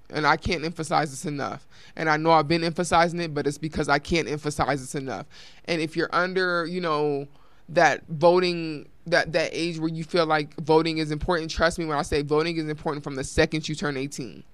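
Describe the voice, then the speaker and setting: A woman from Colorado wraps up her talk show with casual announcements and emphatic, repeated appeals, calling listeners y'all. Her voice is low-pitched, and the recording is dry.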